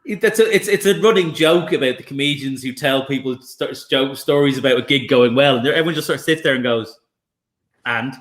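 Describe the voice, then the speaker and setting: A man chatting as a guest comedian, telling lively anecdotes with swearing and restarts over a video call. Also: medium pitch, brisk, few pauses. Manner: animated storyteller, swears, restarts. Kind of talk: casual chat, anecdotes. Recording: echoey room.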